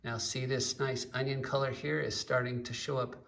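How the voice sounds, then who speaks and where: A man teaching a painting lesson, explaining at an unhurried pace while pointing at his work and mixing in stories. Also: medium pitch, level tone, creaky, a bit bright, distant mic. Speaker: painting instructor.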